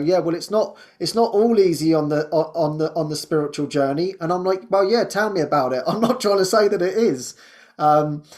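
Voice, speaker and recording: A man's voice: on the high side, darkish tone. Male podcast host, casual spiritual chat, stumbles and repeats words, frequent laughs. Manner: halting, repeats words and restarts often; laughs often while talking.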